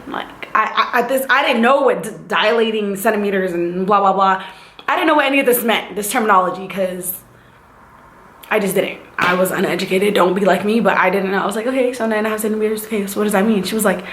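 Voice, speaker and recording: A young woman vlogger telling a casual, animated storytime, acting out the voices of the people in it. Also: mid-range voice, brisk, roomy sound, slight background noise. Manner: animated, acts out voices and sound effects.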